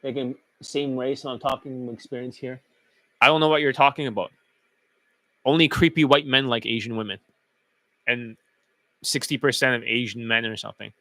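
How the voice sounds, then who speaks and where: A man's voice: medium pitch, steady tone, normal speed, pauses often, bright, forceful tone, no room sound. A man who coaches dating, talking in a blunt, profane, casual monologue.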